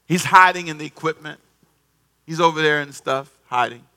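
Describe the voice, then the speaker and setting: A man preaching a sermon in an animated, conversational way, repeating himself and calling on the congregation to answer. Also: on the high side, normal speed, clean tone. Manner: animated, repetitive, conversational preaching with call-and-response. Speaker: pastor.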